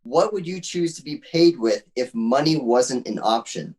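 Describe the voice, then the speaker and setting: A man's voice: mid-range voice, expressive, measured pace, darkish tone. Man, podcast co-host, upbeat, laughs easily, runs through a question list. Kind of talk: casual podcast interview.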